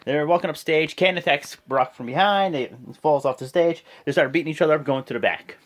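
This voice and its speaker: A man's voice: a little high, fairly quick. A man giving a casual, rambling play-by-play recap. He corrects himself often and acts out the quotes. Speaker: wrestling show reviewer.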